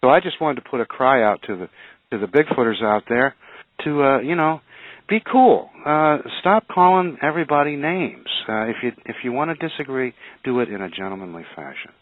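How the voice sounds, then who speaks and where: A man talks earnestly and a bit haltingly, stumbling over restarts as he makes his point. His voice is mid-pitched. It comes through a dry, tinny phone-like line. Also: no echo. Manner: hesitant, earnest, measured. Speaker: radio show co-host, museum curator. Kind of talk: casual radio talk.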